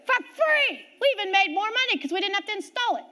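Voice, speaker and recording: A middle-aged woman preacher giving a sermon, telling a personal story with lively swings between loud and quiet. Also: very high-pitched, racing.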